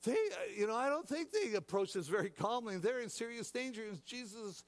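Male pastor, slightly higher voice, impassioned sermon with frequent restarts. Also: lively intonation, brisk. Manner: dramatic, acts out shouting disciples; repeats words, many restarts.

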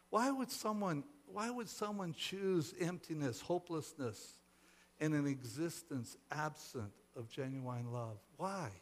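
A man preaching a sermon, telling a parable and acting out its voices. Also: on the high side. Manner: acts out the characters' voices in a parable. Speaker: pastor. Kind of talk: sermon storytelling.

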